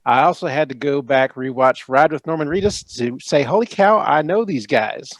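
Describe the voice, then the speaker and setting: A man's voice: on the high side, lively intonation, moderate pace, no room sound. A man co-hosting a podcast, reading a listener email aloud in an amused, easygoing way. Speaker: podcast co-host.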